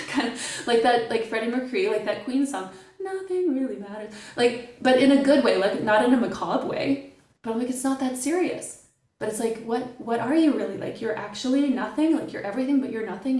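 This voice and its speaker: A woman's voice: on the high side, a little mellow. Middle-aged woman, chatty guest, playful storyteller, roomy off-mic sound. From Canada. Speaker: podcast guest. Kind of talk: casual podcast conversation. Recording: echoey and distant from the mic.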